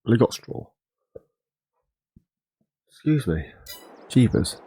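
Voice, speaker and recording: A man's voice: mid-range voice, very animated, slow, warm tone, a little hiss or hum, poor audio. A man chatting casually as he plays a farming game, rambling and correcting himself. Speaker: gaming channel host.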